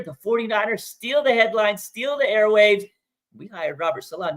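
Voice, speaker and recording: A man hosting a fan livestream, talking excitedly in slangy bursts and letting out loud whoops. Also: fairly high pitch. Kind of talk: hyped fan livestream commentary.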